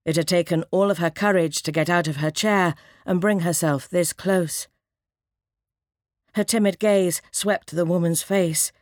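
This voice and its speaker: A woman narrating an audiobook in a measured, dramatic reading. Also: fairly low pitch, dry recording, clean studio sound.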